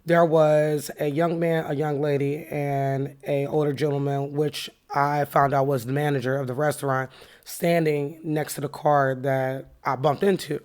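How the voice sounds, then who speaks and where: A woman's voice: low-pitched, level tone, a little slow, darkish tone. A woman hosting a podcast, candidly retelling a heated run-in and reflecting on what it taught her. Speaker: podcast host. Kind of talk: casual personal storytelling with a lesson.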